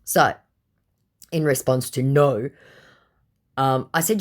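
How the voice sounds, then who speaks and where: Worn out by the heat, this woman, a vlogger, tells a scam-bait story to camera with a rumbling low, sing-song voice at a moderate pace. Her casual retelling of the chats is blunt, sarcastic, and exasperated.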